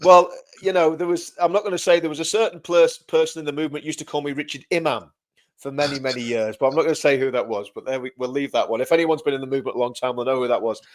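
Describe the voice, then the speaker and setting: A man hosting a relaxed livestream chat, his voice sitting a little higher than most. He talks in loose, repeating runs and laughs often between thoughts. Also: quick pace. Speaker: livestream co-host.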